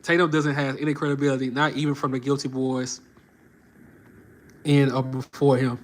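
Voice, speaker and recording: A man's voice: mid-range voice, flat delivery, moderate pace, slight background noise. A man giving casual reaction commentary, mocking and slangy, often laughing. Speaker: reaction channel host.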